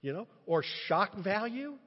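A man preaching a sermon in an impassioned, animated way, often restarting his phrases. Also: high voice, measured pace. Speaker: pastor. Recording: muffled sound with long reverb.

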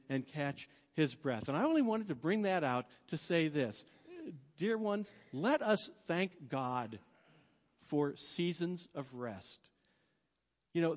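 A man preaching a sermon as pastor, storytelling in a chatty way, laughing often and softening when reflective. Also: high-pitched. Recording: dull sound with long hall reverb.

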